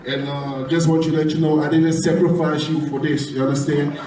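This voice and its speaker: A man's voice: fairly high pitch, level tone, a little fast. A man, a bodybuilding competitor, giving emotional and rambling press conference answers, swearing freely. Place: large echoey hall at a press conference. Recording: echoey room recorded from far off, crowd noise. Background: crowd murmur and laughter.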